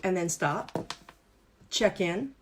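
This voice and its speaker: A woman's voice: fairly low pitch, lively intonation, slow pace, slight background noise. Brief: woman coach, upbeat and playful, instructive workshop host. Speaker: wellness and business coach. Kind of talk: live online workshop teaching exercises.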